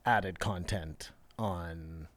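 Lowish male co-host, rambling and exasperated, dry close sound. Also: extremely slow, fairly bright tone, no room sound. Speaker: podcast co-host. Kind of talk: casual podcast banter.

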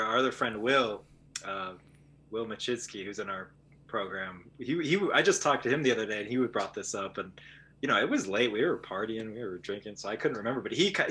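A man who is fluent in Arabic, a guest in a casual chat, talking in a relaxed, rambling way. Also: fairly low pitch, fairly quick. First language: speaks Arabic fluently.

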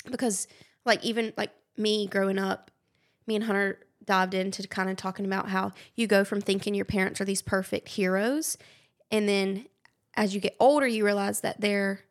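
A young woman hosts a podcast chat, effusive and quick to gush. Her voice has a gravelly fry, and her pitch sits in the middle range. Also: steady tone. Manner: warm, effusive, gushing. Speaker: podcast host. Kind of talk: casual conversation.

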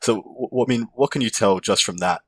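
Lively Australian man, low voice. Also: slightly rough, dry recording. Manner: animated, jokey, quick to laugh. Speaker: podcast co-host. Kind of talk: casual chat.

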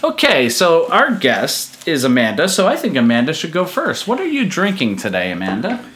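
Man, lisping, lively swooping pitch, self-mocking, casual podcast chat. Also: normal speed, slight background noise. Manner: giggly and self-deprecating. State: lisping from a fresh tooth procedure. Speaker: podcast co-host, church elder.

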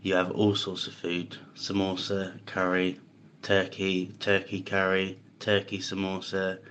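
A man with a very low voice delivers a deadpan message. His pitch hardly moves at all. A faint hiss of noise sits behind him. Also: a little slow, dull audio. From Britain. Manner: deadpan, monotone. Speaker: guest. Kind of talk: recorded message.

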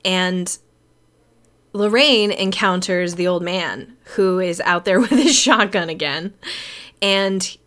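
A woman's voice: lowish voice, slow pace, fairly bright tone. A woman casually recapping a horror film on a podcast, telling it with swearing and frequent giggles. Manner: profane, giggly storytelling. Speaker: podcast host.

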